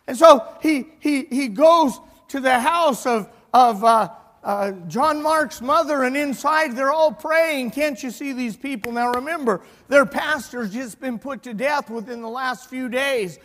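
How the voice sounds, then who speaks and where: A male pastor preaching a sermon, retelling a story with animated swings between loud and hushed delivery. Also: extremely high pitch, measured pace, few pauses. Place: church sanctuary. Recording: long hall reverb.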